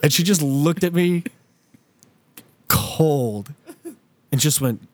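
A young man with a fairly high voice hosts a podcast, telling a funny story in a slow, animated way. He laughs a lot and swears as he goes, keeping it casual.

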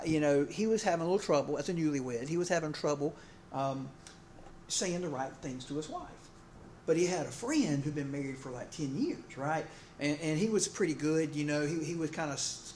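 Rambling, higher-voiced male preacher, echoey hall. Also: a little mellow, a little hiss or hum. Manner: conversational, rambling, many fillers and restarts. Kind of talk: sermon with humorous stories. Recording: echoey room, faint ambience.

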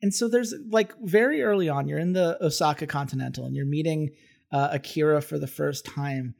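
A man's voice: on the high side, a little fast, gravelly, a little mellow. A man co-hosting a film podcast, chatting casually and enthusiastically, rambling with restarts. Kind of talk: casual film review chat.

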